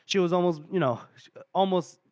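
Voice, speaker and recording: A man co-hosting a book podcast, retelling scenes with a lot of laughing. His voice sits a little high. The sound is dry and close. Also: moderate pace, a little mellow, no echo. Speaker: podcast co-host. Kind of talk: casual book discussion.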